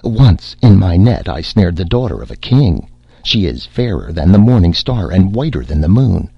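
Guy reading as a lovesick young fisherman, pleading, deep husky voice, kinda dull lo-fi audio. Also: very animated, normal speed, dry recording, heavily acted. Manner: earnest archaic pleading.

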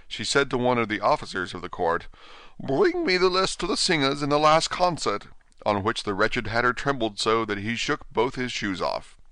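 Guy reading a kids story, smooth crisp voice, dry close mic. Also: fairly low pitch, no room sound. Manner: animated, expressive. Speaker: narrator.

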